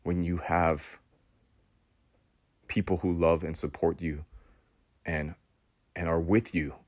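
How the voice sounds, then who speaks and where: A man with a very deep, low voice delivers a preachy motivational monologue, leaning into a sermon-like rhythm. He repeats his key phrases and leaves long dramatic pauses, often restarting mid-sentence with a stammer. The sound is close and dry, with no room around it. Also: dry recording. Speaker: podcast host.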